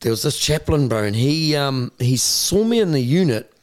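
A man's voice: mid-range voice, animated, moderate pace, no room sound, studio quality. A man in his forties with a New Zealand accent, a guest on an interview podcast. He tells his story bluntly, swears freely and restarts his sentences often. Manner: acts out other people's voices in his stories. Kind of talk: candid conversational storytelling.

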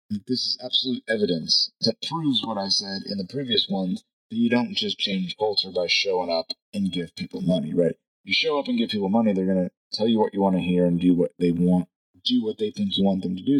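A man's voice: on the low side, a bit bright, slightly rough, rough recording. A man talking casually through his views in a rambling monologue, thinking aloud and checking in with "right?" as he goes. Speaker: podcast host.

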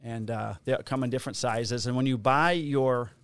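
Speaking at a moderate pace, this podcast co-host has a mid-range, smooth voice with a fairly bright tone. He rambles through jokes, stories and an ad read for a sponsor, recorded on a studio podcast microphone.

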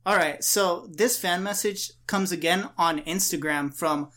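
A man's voice: sits high, unhurried, sharp tone. A man hosting a casual podcast, talking in an offhand, hesitant way with crude jokes. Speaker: podcast host.

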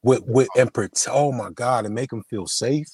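A man, a podcast guest, telling an emotional personal story in casual conversation, halting and full of slang and restarts. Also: mid-range voice, darkish tone, breathy edge, no echo. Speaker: podcast guest, film producer and screenwriter.

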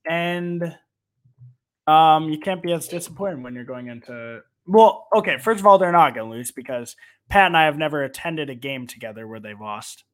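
Playful, teasing male podcast co-host with a slightly high voice; loose, casual betting talk. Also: lively intonation, moderate pace. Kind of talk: casual sports betting chat.

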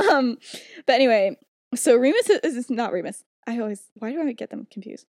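A woman's voice: on the high side, big pitch swings, moderate pace, no echo, studio quality. Giggly young woman retelling a story. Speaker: podcast co-host. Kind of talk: casual chat.

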